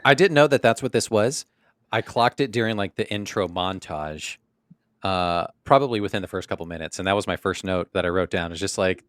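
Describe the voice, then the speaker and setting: A young man banters on a podcast, joking and playful as he talks. His voice sits low. The recording is close and dry. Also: fairly quick, no room sound. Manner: jokey, playful, laughs often. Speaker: podcast co-host. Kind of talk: casual chat.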